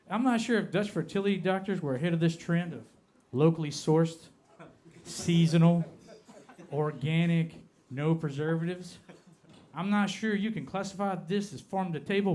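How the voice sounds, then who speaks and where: A man from Appalachia in the United States, with an Appalachian American accent, does stand-up in a comedy club. His voice is a little high for a man, and his deadpan delivery slows down on each punchline.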